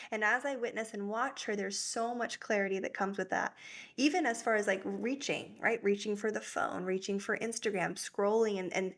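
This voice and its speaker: A woman's voice: medium pitch, a bit bright. A young adult woman, a breathwork facilitator, telling stories in an earnest, reflective way as an interview guest. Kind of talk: conversational interview.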